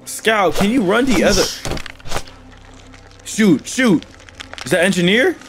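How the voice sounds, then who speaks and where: A man with a high, lively voice swinging wildly up and down, reacting to a gaming video as he watches. He is excitable and slangy, shouting at the characters on screen, and there is faint music behind him. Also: slow. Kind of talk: live reaction commentary.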